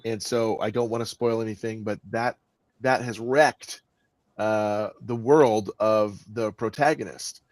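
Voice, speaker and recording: A man speaking as the guest author in an interview, with an expressive delivery that stresses words and often restarts his sentences. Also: fairly low pitch, measured pace, no echo. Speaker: guest author and audiobook narrator. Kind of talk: conversational interview answers.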